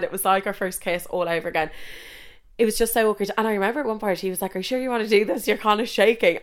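A woman's voice: mid-range voice, brisk, smooth. A young woman with an Irish accent telling a story casually, chatty and full of swearing and "like". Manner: chatty, swears a lot, constant "like".

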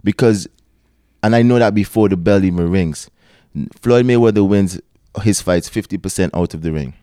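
A man with a very low, warm voice gives his strong opinions emphatically. His tone is smooth and resonant, and the recording is dry and close. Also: normal speed, dry recording. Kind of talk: casual podcast chat.

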